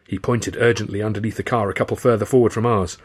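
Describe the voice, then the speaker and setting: Give me a man narrating his own novel in a measured, dry first-person style, voice a little low. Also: steady tone, breathy edge. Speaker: author and narrator.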